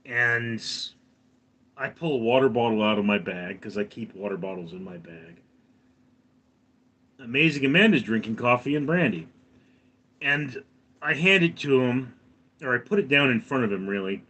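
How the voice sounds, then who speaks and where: Bright-voiced man telling a livestream story. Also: mid-range voice, animated, moderate pace, long pauses. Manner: chatty, reads out chat comments between anecdotes. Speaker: livestream host.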